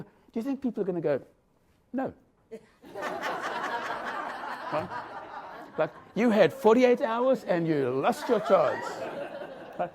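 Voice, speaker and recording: A man's voice: sits high, very animated, slow pace, pauses often, a little mellow, slight background noise. A man giving an engaging leadership lecture, asking his audience questions as he talks. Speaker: leadership professor presenting a session. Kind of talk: lively lecture to a live audience. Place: conference room.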